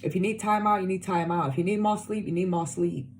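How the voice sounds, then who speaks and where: A woman's voice: on the low side, steady tone, fast, slight background noise. Blunt, caring woman reading tarot. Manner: emphatic, repetitive, blunt with swearing, caring. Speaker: tarot reader. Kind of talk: casual tarot reading to viewers.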